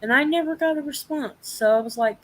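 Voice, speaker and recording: A woman's voice: high-pitched, fairly quick, low-quality recording. A young woman telling a story in a casual live chat, swearing freely and acting out the people she quotes. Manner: profane, animated storytelling.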